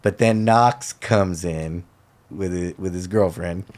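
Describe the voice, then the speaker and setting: Speaking slowly in a low voice, a man appears as a guest on a talk show and recounts a story casually. He brings it to life by performing other people's lines in a loose, slangy way.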